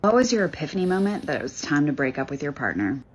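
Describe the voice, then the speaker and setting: A woman's voice: low-pitched, big pitch swings, quick pace, a little hiss or hum. A woman interviewer repeating the same question to each person. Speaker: street interviewer.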